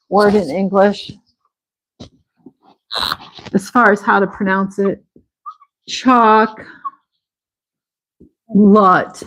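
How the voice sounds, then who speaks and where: An American woman teaching a live English pronunciation class, encouraging and sounding words out slowly. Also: medium pitch, low-quality recording. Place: online class.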